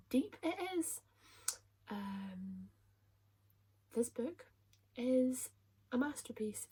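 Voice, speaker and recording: A woman reviewing her favourite books in a casual vlog, gushing and emotional, often dropping into a soft whisper. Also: medium pitch, husky. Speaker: book reviewer.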